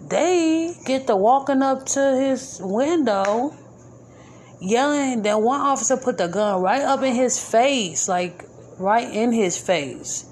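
A woman's voice: on the high side, lively intonation, takes it slowly, a little mellow, slight background noise. A woman hosting a podcast episode, speaking casually and informally, repeating her points with indignant emphasis. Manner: informal, colloquial grammar. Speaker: podcast host. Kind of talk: casual spoken commentary.

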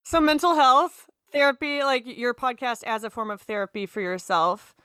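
A woman hosting a podcast in a relaxed, chatty way, easy to laugh and supportive. Her voice is smooth and clear, and the sound is dry and close to the mic. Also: on the high side, normal speed, dry recording. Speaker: podcast host. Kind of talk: casual podcast interview.

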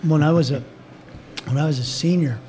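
A man's voice: a little high, a little fast, dark tone. Chuckling older man telling stories. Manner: rambling, with frequent restarts and chuckles. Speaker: guest, team doctor. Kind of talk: casual storytelling.

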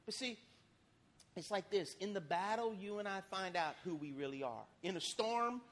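High, bright-voiced preacher. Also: male voice, normal speed. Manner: lively preaching with sudden loud bursts and folksy asides. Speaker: pastor. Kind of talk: sermon. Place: church.

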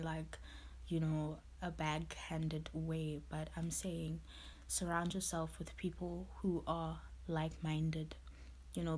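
Tearful, husky-voiced woman speaking slowly. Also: lowish voice, a little mellow. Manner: tearful, heartfelt, many fillers like "you know" and "literally". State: close to tears. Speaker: podcast host. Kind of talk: emotional personal monologue.

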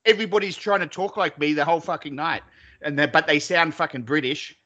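A man's voice: a little high, fast, sharp tone, muffled recording. An Australian man chatting casually as a podcast co-host, telling rambling stories full of swearing and restarts. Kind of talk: casual chat.

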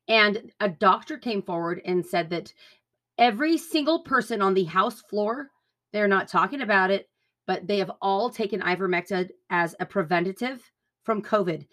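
A woman's voice: mid-range voice, fairly bright tone. A woman hosting a podcast, delivering an angry, profane, rambling political rant. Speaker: podcast host.

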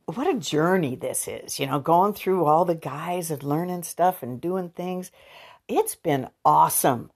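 A woman's voice: deep voice, a little mellow, husky. A woman vlogger chatting candidly to her viewers in a frank, casual way, with sighs and laughs. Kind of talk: casual chat to camera.

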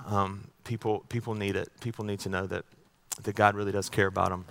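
A man's voice: fairly low pitch, level tone, brisk, vocal fry, a bit bright. A man preaching a sermon as pastor. He tells a family story in a casual, joking way and often repeats his words as he goes.

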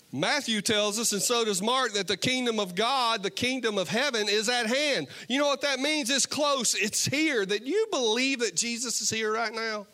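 A pastor preaches from a church stage in a high-sitting voice, keeping a moderate pace with few pauses. He shifts from impassioned, fervent appeals to joking stories while soft guitar worship music plays behind him.

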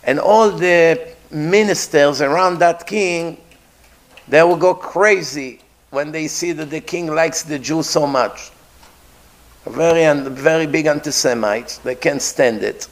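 A man giving a sermon who tells a story, slowly and emphatically, repeating his phrases. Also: fairly high pitch.

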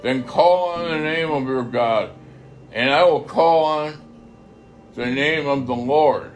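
A man reading a Bible passage aloud, halting often to repeat and correct his phrases. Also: fairly high pitch, soft background music. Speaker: scripture reader.

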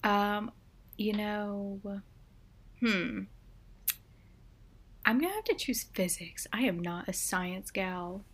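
A young woman in a casual co-hosted chat, talking in a relaxed and chatty way with frequent fillers. Her voice sits at an ordinary medium pitch. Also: slow pace, long pauses. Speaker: co-host.

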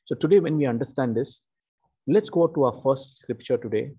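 A man preaching a sermon, teaching slowly and emphatically with frequent "okay" and "you know". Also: medium pitch, mellow, slightly rough.

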